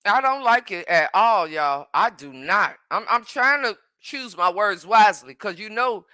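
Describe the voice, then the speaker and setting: A woman with a drawl speaks straight into her phone from home. Her voice is bright and forceful, and the sound is dry and close. She is emphatic and repeats her points, often answering viewers' comments. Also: mid-range voice, expressive, a little slow, dry recording. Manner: emphatic, repeats herself, talks back to commenters. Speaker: live streamer. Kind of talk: casual live-stream chat. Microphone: phone livestream.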